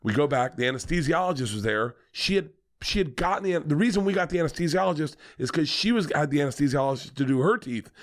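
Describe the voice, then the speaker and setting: A comedian on a podcast telling a long personal story in a casual, animated, swearing manner. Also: male voice, fairly high pitch, quick pace, hardly any pauses. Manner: animated, profane, fillers like "like".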